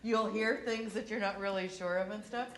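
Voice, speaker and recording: A woman's voice: medium pitch, normal speed, roomy sound, crowd noise. A woman on a discussion panel, telling work stories and laughing often as she talks. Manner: animated, laughs through her stories. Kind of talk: storytelling on a panel. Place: conference hall.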